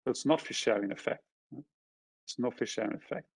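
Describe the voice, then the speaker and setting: Male economist, seminar lecture, husky tone, dry sound, keeps checking in with listeners. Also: medium pitch, a little fast, no room sound. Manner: checks in with frequent tag questions; points through a figure step by step. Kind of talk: academic lecture explaining graphs.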